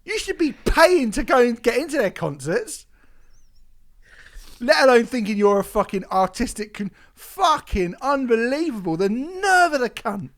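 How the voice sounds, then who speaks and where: A man doing a snarling, furious rock bassist. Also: very animated, moderate pace. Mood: furious rant. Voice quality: snarling and profane. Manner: ranting, jabbing insults. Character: furious swearing middle-aged male rock bassist.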